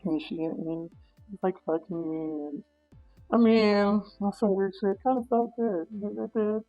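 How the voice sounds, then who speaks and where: Woman guest telling a story, loud and profane, dull lo-fi sound, faint music behind. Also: mid-range voice, unhurried. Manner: animated, profane, acts out her own reactions. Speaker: interview guest. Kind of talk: casual storytelling.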